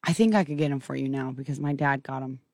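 A radio co-host in casual banter, chatty and excitable with quick asides. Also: mid-range voice, background noise.

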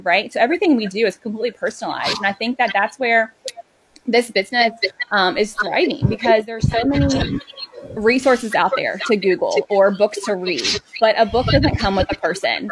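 A woman sleep coach talks quickly and earnestly in a relaxed chat. Her pitch sits in the middle for a woman, and she leans on "like" fillers as she explains. Her speech runs along in long strings. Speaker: sleep consultant. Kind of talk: casual chat.

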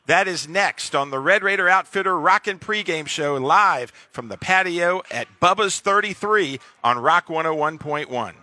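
Radio host guy, bright tense voice a bit high, upbeat announcer way. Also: no room sound. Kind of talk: live radio hosting.

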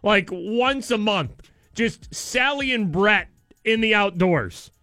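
Male morning radio host, high and bright, chatty and excitable, faint music behind. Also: slow pace, no echo. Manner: excitable, breaks into loud shouted play-by-play. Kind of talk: casual radio banter.

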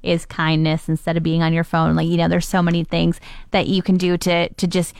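A woman co-hosting a morning radio show, speaking in a warm, conversational way. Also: on the low side, monotone, brisk, creaky, clean tone, dry recording, clean studio sound. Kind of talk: casual morning radio chat.

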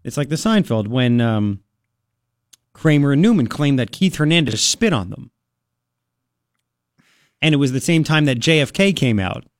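A man's voice: medium pitch, animated, moderate pace, pauses often, dry recording, clean studio sound. A man hosting a radio talk show, chatting casually and laughing, mocking people in a playful voice. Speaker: radio host.

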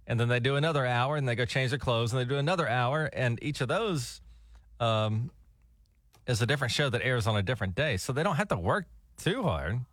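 A man co-hosting a morning radio show, bantering in a relaxed, chatty way with wry asides. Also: mid-range voice, brisk, no echo, studio quality. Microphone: studio microphone.

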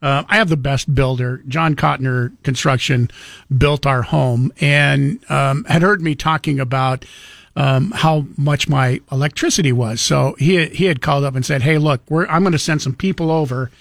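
A man's voice: mid-range voice, moderate pace, creaky, dry recording, clean studio sound. A man hosting a casual radio talk show and telling stories. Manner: storytelling with quoted voices and chuckles.

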